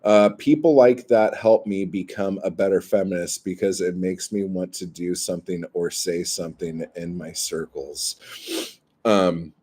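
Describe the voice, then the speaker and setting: A man's voice: low-pitched, a little mellow. A man hosting a livestream, ranting in a profane, exasperated way and reacting to chat comments. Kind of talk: heated livestream rant.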